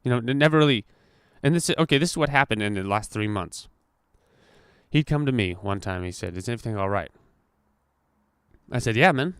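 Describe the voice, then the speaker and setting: Speaking at a fairly quick pace broken by long pauses, this young podcast host has a smooth, medium-pitched voice. He tells a profane, animated story, acting out the quotes, and the clean studio recording has no room sound.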